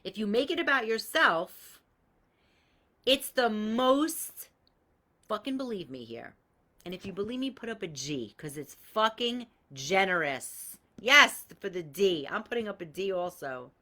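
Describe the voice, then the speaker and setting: A woman's voice: mid-range voice, animated, measured pace, bright, forceful tone. A woman hosting a live coaching call, talking bluntly and swearing freely as she gives everyday examples and greets viewers by name. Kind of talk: casual live-stream coaching talk.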